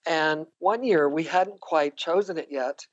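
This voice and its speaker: A woman's voice: deep voice, measured pace, muffled recording. Older woman telling reflective personal stories. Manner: warm, reflective, laughs often. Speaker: interview guest, psychotherapist. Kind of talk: conversational storytelling.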